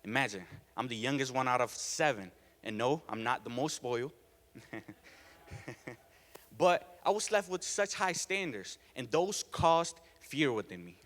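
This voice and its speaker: A teenage boy whose first language is Spanish gives a prepared talk in a school auditorium, the hall's long reverb trailing his words. He is earnest and emphatic, laughing between points, with a mid-range, expressive, slightly bright voice that runs a little slow.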